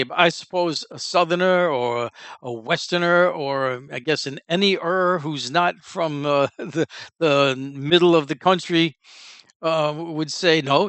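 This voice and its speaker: A man's voice: on the high side, fairly bright tone, clean tone, dry recording. A man hosting a casual news commentary podcast, rambling with many fillers and restarts, in a Northern US accent. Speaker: podcast host.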